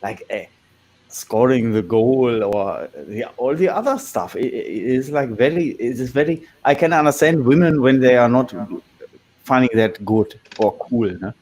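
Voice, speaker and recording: Guy on a stream, halting, hunting for words, laughs a lot. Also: medium pitch, lively intonation, a little mellow. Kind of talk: casual chat.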